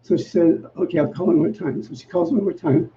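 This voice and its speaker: A high-voiced male minister telling a story in a sermon, playing out each side of the conversation with self-mocking humor. The recording is a little dull and muffled, with a faint hiss behind him. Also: a little fast. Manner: acts out quoted dialogue in a lively, self-mocking way. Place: church sanctuary.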